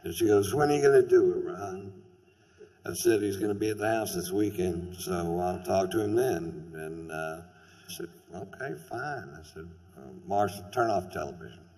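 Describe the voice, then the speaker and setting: A man with a Texan accent telling stories in a stand-up comedy routine, drawling and deadpan, trading loud shouted bits for low mutters, on a stage microphone before a live theater audience. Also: normal speed, big-room sound.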